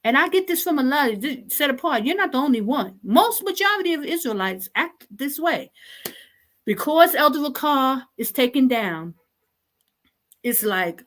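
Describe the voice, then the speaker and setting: A woman's voice: high voice, very animated, normal speed, a bit bright. Exasperated woman scolding her listeners. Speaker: online show host. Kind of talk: impassioned religious talk.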